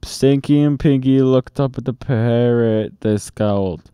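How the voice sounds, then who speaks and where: Slow, mellow man reading aloud. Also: medium pitch, clear, resonant tone, dry recording. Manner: steady, expressive storytelling. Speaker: storybook reader. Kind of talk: children's book read-aloud.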